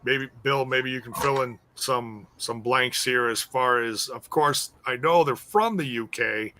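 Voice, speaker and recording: Man, podcast host, bright voice, chatty, rambling, laughs a lot. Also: medium pitch, a little slow. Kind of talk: casual wrestling review chat.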